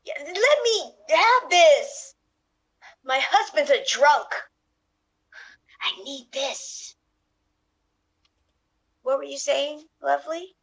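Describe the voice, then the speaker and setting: A woman's voice: sits high, expressive, takes it slowly, creaky, pauses often, heavily acted. A woman improvising a needy, lovesick news anchor with a melodramatic, pleading manner. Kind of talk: improv comedy.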